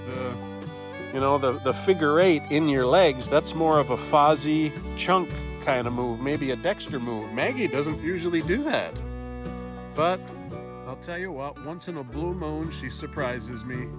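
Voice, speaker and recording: A man talks slowly to his barn cats in a fond, cooing pet-talk voice. His voice sits a little high and swoops up and down as he chats outdoors in a farmyard. Soft music plays faintly behind him. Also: animated. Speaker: farm vlogger. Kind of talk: casual talk to farm animals.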